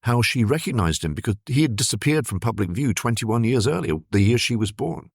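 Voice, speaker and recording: A man's voice: mid-range voice, expressive, fairly quick, vocal fry, breathy edge, no room sound, clean studio sound. A man in his sixties, a journalist guest, thoughtfully recounting what he witnessed, with frequent restarts. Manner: thoughtful, vivid recollection with hesitant restarts. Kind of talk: reflective storytelling in an interview.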